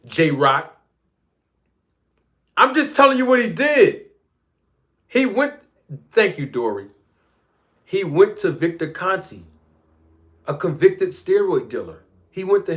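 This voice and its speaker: An American man hosting a boxing talk live stream, teasing the audience with loud hype and then dropping into a soft crooning tone. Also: sits high. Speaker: boxing talk show host. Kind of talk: live-stream commentary and shout-outs.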